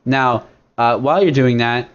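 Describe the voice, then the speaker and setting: A man's voice: mid-range voice, moderate pace, clear, resonant tone. A young man hosting a casual podcast, rambling and crude, full of fillers and restarts as he walks through something step by step. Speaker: podcast host. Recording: dull lo-fi recording.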